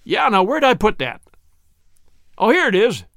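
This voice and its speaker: A man voicing an old rustic cobbler who speaks in a slow, sly country drawl. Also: high-pitched, sing-song, creaky, fairly bright tone, dry recording, studio quality, pitched above the performer's own voice, full character voice.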